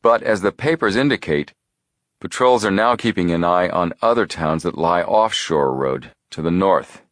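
A man voicing a calm, methodical teenage detective boy who explains his reasoning in a measured way. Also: deep voice, dry recording, clean studio sound.

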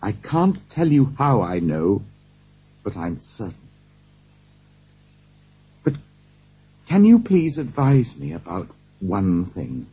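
A man voicing a pale, ill, feverish doctor in a slow audiobook reading with a thin, tired voice. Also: fairly low pitch, wildly swooping pitch, warm tone, breathy edge, full character voice. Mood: earnest. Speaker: character in an audiobook. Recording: dull lo-fi cassette tape.

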